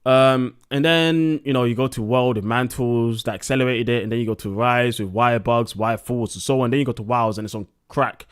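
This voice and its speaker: A man's voice: mid-range voice, steady tone, a little fast, hardly any pauses, smooth. A young man streaming live, talking a little drunk with slightly slurred words and ranting bluntly with plenty of swearing.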